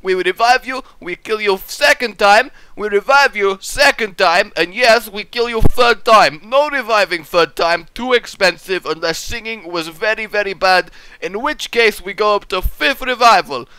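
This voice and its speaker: A grim, boastful foreigner drops his articles and brags in a flat deadpan, as a man puts him on. His voice is high and bright, and the recording is close and dry. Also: moderate pace, clear, resonant tone, no echo, rough recording. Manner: broken English, dropped articles, deadpan bragging. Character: grim boastful man from a harsh unnamed country.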